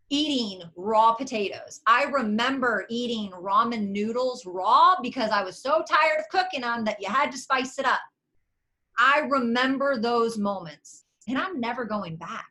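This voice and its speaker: Woman, 30s, brassy high voice, slangy motivational talker on a video call. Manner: sassy, slangy and animated, with swings between loud and soft. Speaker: guest speaker. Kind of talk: motivational pep talk.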